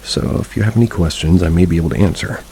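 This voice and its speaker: Very deep gravelly male narrator. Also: fast, mellow, slight background noise, low-quality recording. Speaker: horror story narrator. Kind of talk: scripted narration of reader stories.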